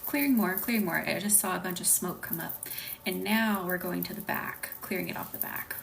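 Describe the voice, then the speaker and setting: A woman with a Southern US accent hosting a casual live stream, talking softly, often near a whisper, and laughing easily. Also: lowish voice, a little fast, gravelly, recorded from a distance, a little hiss or hum. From Southern United States.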